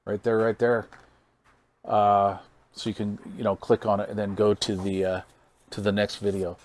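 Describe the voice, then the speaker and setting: A man's voice: on the low side, level tone, normal speed, a little mellow. Folksy guy testing a radio on camera, keeps saying wow, talks to himself while he reads the meter. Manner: amazed, folksy, thinks aloud while reading meters; counts into the mic during test calls. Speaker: radio hobbyist channel host. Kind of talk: casual hands-on gear demo.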